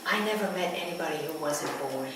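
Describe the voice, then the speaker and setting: A midwife telling a story to a live audience, speaking slowly and intimately, often sinking to near whispers. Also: female voice, sits low. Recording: echoey room, distant mic, ambient noise.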